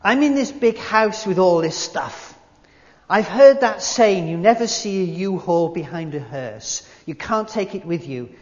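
Brief: confident male movie star, voiced by a man in a sermon, higher voice, dull echoey church sound. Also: expressive, unhurried. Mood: earnest. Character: self-assured big-time male movie star.

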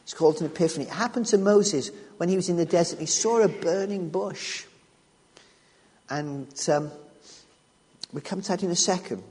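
A man's voice: sits high, normal speed, pauses often, a little mellow, breathy edge. A man preaching a sermon on scripture, emphatic and repeating key phrases as he restarts his sentences. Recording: long reverb of a large hall.

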